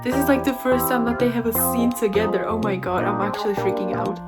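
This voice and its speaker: A young woman talking casually in a reading vlog, excitable and gushing, with frequent giggles. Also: a little high, a little fast, over loud music. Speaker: book vlogger.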